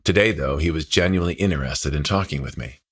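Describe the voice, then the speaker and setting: A man reads his memoir aloud quickly, his very low voice carrying a husky, faintly breathy texture. The narration is steady in audiobook style, with a heartfelt, reflective feel.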